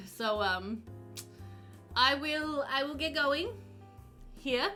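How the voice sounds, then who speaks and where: A woman's voice: on the high side, a little slow, pauses often, faint music behind. A young woman streaming a game, chatting casually with her viewers and reading their messages aloud with frequent giggles. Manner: chatty, warm, giggly, reads chat aloud. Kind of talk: casual chat with live chat while gaming.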